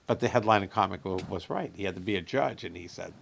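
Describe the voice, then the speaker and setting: A man's voice: deep voice, fast talker, creaky, background noise. A middle-aged man, a comedian chatting as a guest and telling stories animatedly. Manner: animated joke telling with voice changes. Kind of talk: casual interview storytelling.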